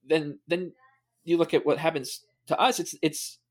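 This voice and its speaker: A man's voice: a little high, steady tone, moderate pace, slightly rough. A man co-hosting a casual sports podcast, rambling with many fillers and restarts. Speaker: podcast co-host.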